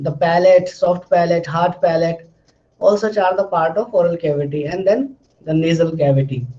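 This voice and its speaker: A man's voice: high-pitched, dark tone, dull audio. A man lecturing on a recorded lesson recap, explaining steadily with frequent fillers and repeated phrases.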